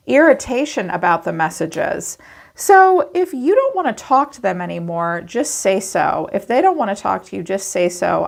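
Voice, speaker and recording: A woman giving a chatty tarot reading to camera, acting out quoted thoughts in animated asides. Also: lowish voice, creaky. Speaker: tarot reader.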